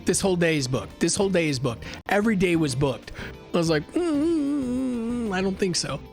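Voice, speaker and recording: A man with a fairly high voice chats on a livestream, spinning a rambling travel story full of swearing and restarts. Faint music plays behind him as he talks into a desk mic. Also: expressive, quick pace. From United States. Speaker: livestream host. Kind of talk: casual chat.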